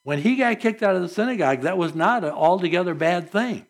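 A pastor preaches a sermon at a church service, earnest and conversational, posing rhetorical questions to the congregation. His voice is high and animated, and he speaks at a quick pace.

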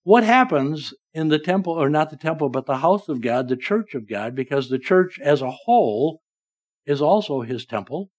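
A man preaching a sermon in church, swinging between loud emphatic lines and soft, low ones. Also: lively intonation, moderate pace. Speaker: pastor. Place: church sanctuary.

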